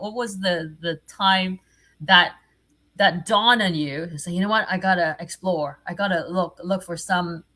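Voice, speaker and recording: A woman hosting an interview, asking questions in an animated way, laughing and repeating phrases. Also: medium pitch. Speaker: interviewer host. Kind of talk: conversational interview.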